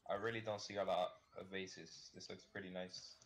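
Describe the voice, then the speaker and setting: A man playing a survival game with a teammate over voice chat, brisk and practical, giving quick warnings. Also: deep voice, level tone. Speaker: gaming teammate. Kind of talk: casual gaming chat over voice call.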